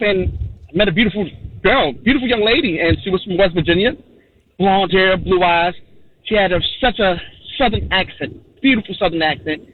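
A man from New York calling into a radio show as a guest, telling a comic personal story in a rambling way, full of "you know" fillers. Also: high-pitched. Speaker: guest comedian. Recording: tinny phone line.

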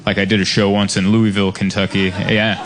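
A male stand-up comedian telling a story with lively shouted impressions, recorded at a live show. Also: on the low side, fairly quick, noisy background. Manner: animated storytelling with shouted imitations. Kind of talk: stand-up routine. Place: comedy venue before a crowd. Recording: live show with crowd laughter. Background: audience laughing.

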